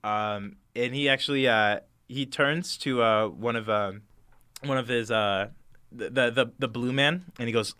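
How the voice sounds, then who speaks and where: A man narrating a tabletop game as game master, halting with many fillers. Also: medium pitch, sharp tone, clean tone, no room sound.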